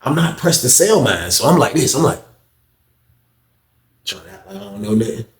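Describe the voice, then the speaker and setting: A man's voice: moderate pace, echoey room. A man, telling a story in casual talk and acting out other people's lines. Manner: animated, acts out other people's lines with raised pitch, heavy profanity.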